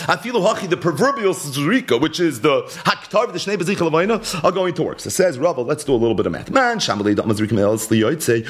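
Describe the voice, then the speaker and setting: A man teaching a Gemara lesson, explaining the argument animatedly in English mixed with Hebrew and Aramaic terms. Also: medium pitch. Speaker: Talmud teacher.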